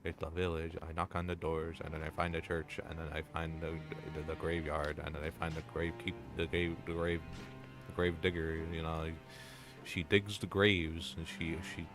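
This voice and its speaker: Deep-voiced man rambling over a game. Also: flat delivery, moderate pace, music in the background. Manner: rambling, repetitive, crude and joking. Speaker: game streamer. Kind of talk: casual game commentary.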